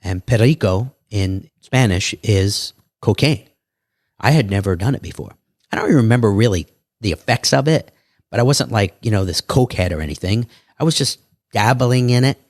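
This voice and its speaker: A man's voice: fairly low pitch, normal speed, dry recording, studio quality. Man telling stories in a casual interview. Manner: animated, acts out other people's lines. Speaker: podcast guest.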